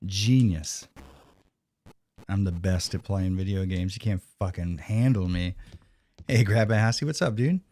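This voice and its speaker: A man's voice: low voice, measured pace, long pauses, mellow. A man streaming a retro video game live, chatting casually with profane, sarcastic banter. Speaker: streamer playing a retro game and reading chat.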